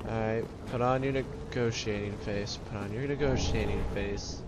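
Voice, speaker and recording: A man's voice: on the low side, steady tone, moderate pace, heavy background noise. A man casually commentating a video game, joking and talking to the enemies on screen. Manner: jokey, talks to game enemies in silly voices. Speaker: gameplay commentator. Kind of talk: let's play commentary.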